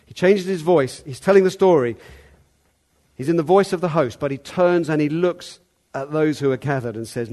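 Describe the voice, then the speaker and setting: A man preaching a sermon in a conversational way, now and then calling out loud to act a part. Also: fairly high pitch, moderate pace. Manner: conversational, acts out the servant's calls loudly.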